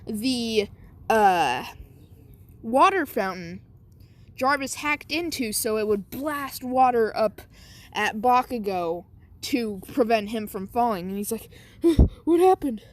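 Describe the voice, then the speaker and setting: A woman's voice: a little high, takes it slowly. Rambling woman telling a fan story. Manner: rambling, lots of "like" and "um". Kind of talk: casual fan story narration.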